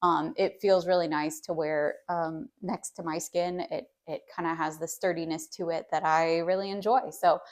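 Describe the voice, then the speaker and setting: A woman knitwear designer chatting casually about her new pattern, relaxed and a little hesitant. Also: low-pitched, moderate pace, few pauses. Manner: chatty, hesitant with many ums. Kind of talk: casual vlog chat.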